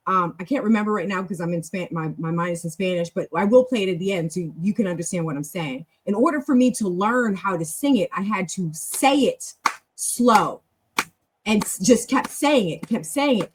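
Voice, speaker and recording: A woman's voice: medium pitch, a little hiss or hum, low-quality recording. A woman hosting a language club, teaching in a chatty, encouraging, long-winded way on a casual live stream.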